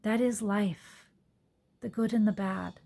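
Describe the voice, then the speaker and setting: A woman's voice: mid-range voice, steady tone, takes it slowly, gravelly. A woman yoga teacher talking earnestly into her phone in a reflective personal monologue, sometimes dropping to a whisper. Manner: earnest, soft-spoken, drops to whispered asides.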